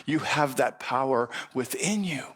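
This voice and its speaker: A calm, wise monk teacher , as a preacher puts him on in a parable. He speaks gently and earnestly, at an unhurried, measured pace, in a storytelling sermon. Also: mid-range voice, husky.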